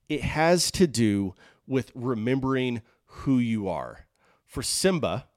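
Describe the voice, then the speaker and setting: A man's voice: medium pitch, no room sound. An earnest man delivers a faith-based motivational talk in a mid-range voice. His delivery is emphatic, and he stacks rhetorical questions one on top of another. The sound is close and dry, with almost no room around it. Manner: reads scripture aloud in a measured cadence. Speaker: host of a leadership podcast.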